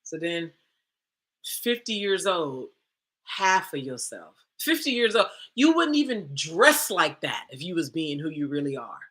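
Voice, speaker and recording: Woman livestream host, blunt and challenging, swooping pitch, bright voice. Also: big pitch swings, unhurried. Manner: blunt, confrontational, full of rhetorical questions. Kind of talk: livestream talk.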